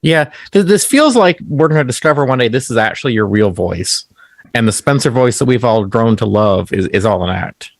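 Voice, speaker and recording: A man's voice: mid-range voice, lively intonation, fairly quick, gravelly, dry recording, studio quality. A man co-hosting a comedy podcast, chatting casually and stammering on restarts. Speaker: podcast co-host.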